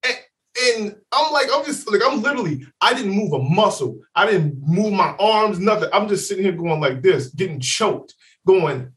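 A man's voice: high-pitched, moderate pace, recorded from a distance. A man co-hosting a podcast, telling a story in casual chat, swearing freely and acting out what people said. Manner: animated, profane, acts out quotes. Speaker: podcast co-host.

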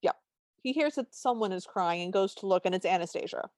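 A woman's voice: mid-range voice, lively intonation, fairly quick, no echo. A woman with a middle-range voice co-hosts a casual podcast and narrates the scenes of a film with wry humor and frequent laughs. The recording is close and dry. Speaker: podcast co-host. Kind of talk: casual chat recapping a film.

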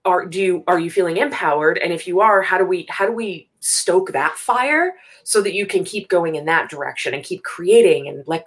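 A woman talking as a guest on a casual show, emphatic and animated, laughing often and repeating phrases for effect. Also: lowish voice. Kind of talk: casual interview talk.

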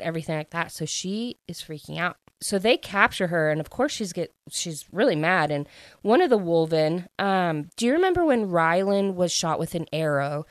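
Young woman host, casual spoiler recap, low voice, dry close sound. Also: dry recording. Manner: chatty, fillers of "like", quick retelling. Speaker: book podcast host.

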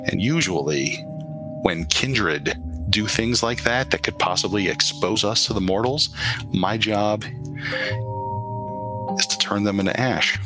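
A man voicing a cold, menacing vampire sheriff. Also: on the low side. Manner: slow, deliberate, coldly menacing. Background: background music.

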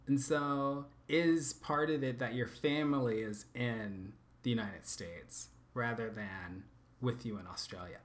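A man's voice: mid-range voice, a little slow, hardly any pauses. A man interviewing a guest casually, curious and probing, laughing easily.

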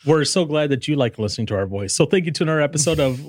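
A man's voice: a little high, animated, rapid-fire, a little mellow, dry recording, clean studio sound. A man hosting a casual podcast chat, rambling and joking with his co-hosts. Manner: rambling, jokey. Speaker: podcast host.

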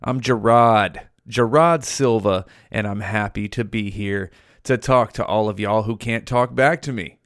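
A man's voice: lowish voice, a little slow, a bit bright, no echo, studio quality. A young man hosting his own podcast, ranting bluntly and swearing constantly in a casual solo monologue. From California. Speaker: podcast host.

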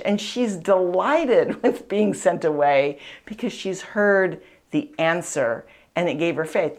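A woman with a darkish, lowish, animated voice takes her time as she hosts a faith podcast. Also an author and speaker, she relates a saint's story in an earnest, chatty manner, often digressing, teaching through conversational storytelling.

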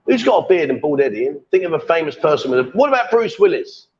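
A man's voice: a little high, very animated, fast, a little mellow, lo-fi sound, slight background noise. A man hosting a casual live stream, teasing and joking as he reads out viewer comments. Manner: jokey, teasing, coaxing. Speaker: livestream host.

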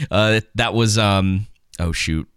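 A man's voice: on the low side, drawn-out words, a bit bright, smooth, no room sound, studio quality. A man co-hosting a podcast, chatting casually about movies in a rambling, joking way with lots of ums and restarts. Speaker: podcast co-host.

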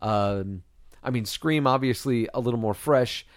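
A man co-hosting a podcast, reviewing a movie in casual chat, animated and quick to swear. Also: mid-range voice, no room sound, clean studio sound. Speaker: podcast co-host.

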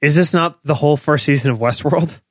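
A man's voice: a little high, fairly quick, no echo, clean studio sound. A man co-hosting a podcast in a casual chat, opinionated and swearing freely. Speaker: podcast co-host.

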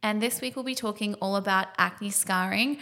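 A woman's voice: medium pitch, normal speed, sharp tone. Australian woman, podcast co-host, chatty, tired, laughs a lot. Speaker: podcast co-host, beauty nurse. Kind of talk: casual chat.

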